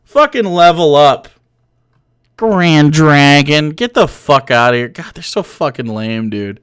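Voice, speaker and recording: A man's voice: medium pitch, very animated, normal speed, a bit bright, clear, resonant tone, no room sound. A young man giving sarcastic, profane live-stream commentary, mocking what he reads on a close desk mic.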